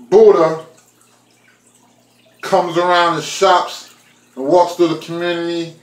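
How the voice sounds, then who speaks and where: A man's voice: on the high side, echoey room, rough recording. A man chatting casually to his viewers while he makes food in his kitchen, talking to them directly. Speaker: vlogger. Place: home kitchen.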